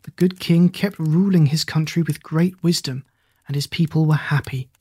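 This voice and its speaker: A storyteller reading a folk tale in an even, measured way, now and then asking the listener questions, in a dry, close recording. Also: mid-range voice, husky, dry recording. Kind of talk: scripted story narration.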